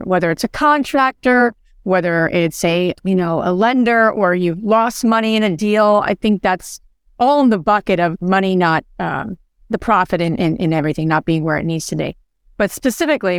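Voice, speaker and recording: A woman's voice: on the low side, normal speed, smooth, dry recording, studio quality. A woman co-hosting a podcast, speaking in an earnest, encouraging way. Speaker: podcast co-host. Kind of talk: motivational podcast talk.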